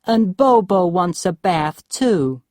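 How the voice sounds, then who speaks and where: A woman voicing a spoiled, demanding rich wife in a slow storybook reading for learners. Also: lively intonation, a little mellow, dry recording, clean studio sound. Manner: shrill, whiny, demanding.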